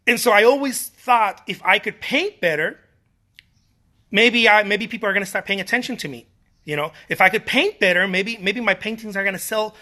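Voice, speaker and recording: Man, middle-aged, high voice, casual motivational talk, emphatic, repetitive, swears casually. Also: pushed and bright. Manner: emphatic, repeats himself, restarts phrases, swears casually. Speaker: artist talking to fellow artists.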